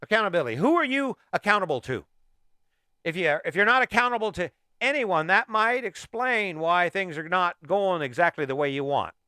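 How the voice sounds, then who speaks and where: A man's voice: high voice, expressive, moderate pace, sharp tone, clean tone, dry recording, clean studio sound. A middle-aged man hosting a motivational podcast, talking emphatically and firing off repeated rhetorical questions. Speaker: podcast host.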